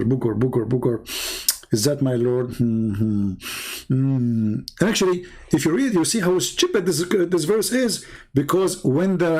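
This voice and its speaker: A fairly high-voiced man hosts a combative call-in debate. He keeps cutting in, presses his point again and again, and slides into drawn-out sarcastic mockery. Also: darkish tone, husky. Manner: sarcastic, mocking, talks over the caller. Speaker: host. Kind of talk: argumentative call-in debate and commentary.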